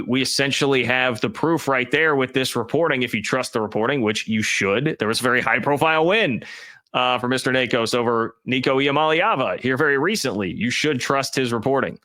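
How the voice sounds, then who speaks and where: A man's voice: medium pitch, pushed and bright. A man giving emphatic, opinionated college football commentary, talking directly to his chat viewers.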